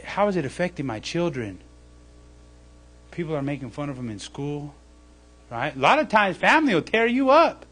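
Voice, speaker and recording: A man preaching a sermon in a conversational way, often checking in with "okay?" and "right?" and acting out mocking voices. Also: sits high. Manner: acts out mocking voices loudly. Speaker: pastor. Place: church service.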